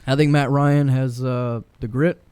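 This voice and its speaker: A man's voice: medium pitch, steady tone, unhurried, darkish tone, smooth, dry recording. A man with the hiccups co-hosting a podcast, eagerly rattling off fight records in casual sports chat. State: has the hiccups. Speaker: podcast co-host.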